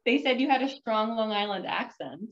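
A woman's voice: a little high, expressive, normal speed, highs cut off. A woman co-hosting a live class, casually reading out viewer questions and comments.

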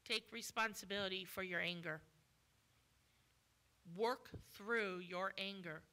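A woman's voice: mid-range voice, takes it slowly, bright, forceful tone. A woman guest preacher delivering a sermon with emphatic, repetitive exhortation.

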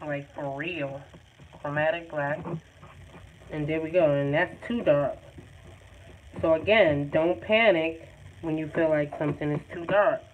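A woman's voice: sits low, moderate pace. A woman giving a live painting lesson in a chatty, encouraging and informal way. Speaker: art tutor. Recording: tinny phone-like sound, faint noise.

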